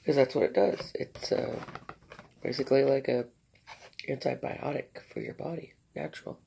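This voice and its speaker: Woman vlogger, tired and raspy, gravelly fry, chatty and rambling while eating on camera. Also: very deep voice, moderate pace, dark tone, slight background noise. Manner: rambling, chatty between bites. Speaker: mukbang vlogger. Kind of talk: casual eating vlog chat.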